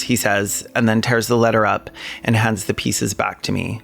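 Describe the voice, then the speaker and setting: A man's voice: fairly low pitch, flat delivery, normal speed, gravelly, a bit bright, soft background music. A man co-hosting a podcast, reading a memoir passage earnestly and then chatting casually and a bit profanely. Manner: earnest, emotional reading; rambling, profane chat. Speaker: podcast co-host.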